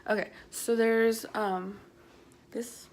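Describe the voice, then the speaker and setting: A woman's voice: a little high, steady tone, takes it slowly, slight background noise. Rambling teen girl vlogging from her bedroom. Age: teens. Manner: rambling, chatty, self-conscious. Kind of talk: casual chat. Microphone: handheld phone.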